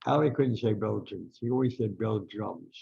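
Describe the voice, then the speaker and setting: In this storytelling interview, an older man with an American accent, a longtime writer, rambles through anecdotes as a podcast guest and restarts often. His medium-pitched voice is mellow and breathy-edged, with vocal fry, at a normal speed. The audio is dull.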